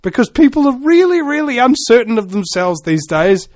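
A man talks in a rambling, sardonic monologue. His voice sits high and leaps around in pitch, playing every line for effect. The sound is dry and close. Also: sing-song, normal speed, darkish tone, dry recording. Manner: sardonic, theatrical, laughs at his own lines. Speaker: commentator.

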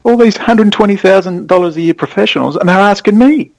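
Aussie guy rambling through a story, gravelly voice, gets worked up fast. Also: high-pitched, no room sound, rough recording. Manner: rambling, excitable storytelling with sudden animated spikes. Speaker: podcast guest. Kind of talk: casual conversation.

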